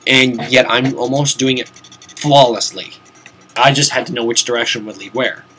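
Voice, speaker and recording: A man's voice: medium pitch, fairly even intonation, normal speed, pushed and bright, slight background noise. A young man giving casual, rambling commentary while playing a video game, swearing now and then, talking to himself and sounding a bit tired. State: tired, yawning. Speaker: VTuber game streamer. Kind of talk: casual let's-play commentary. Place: home room, seated at a desk.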